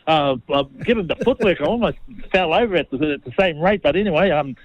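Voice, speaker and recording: A man's voice: a little high, expressive, fairly quick, no room sound, dull audio. A New Zealand man in his fifties, a former rugby league player, telling rambling, self-deprecating stories as a guest. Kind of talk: casual storytelling interview.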